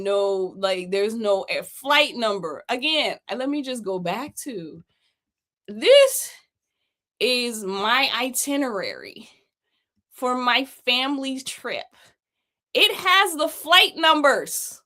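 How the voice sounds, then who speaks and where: A woman's voice: a little high, very animated, takes it slowly, fairly bright tone. A woman hosting a livestream, talking in a blunt, mocking way and laughing often as she goes through documents for her viewers. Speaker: host. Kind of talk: livestream commentary.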